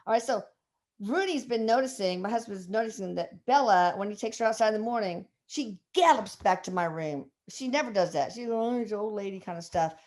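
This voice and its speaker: A woman's voice: medium pitch, a little fast, darkish tone. A woman hosting a casual video chat as an energy healer, effusive and affectionate with her guest. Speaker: channel host, energy healer.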